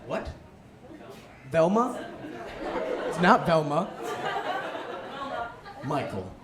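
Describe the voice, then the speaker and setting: A young man, a student, doing a self-deprecating stand-up comedy set and jumping into excited inner voices, in front of a laughing audience. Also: on the high side, very slow, crowd noise. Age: young adult. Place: live comedy room with audience. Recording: echoey room with background noise.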